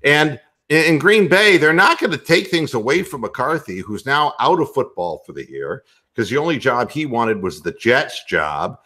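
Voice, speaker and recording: A man's voice: mid-range voice, very animated, moderate pace, pushed and bright. A man hosting a casual sports talk show who jokes and rambles, often stammering on his words. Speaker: podcast host.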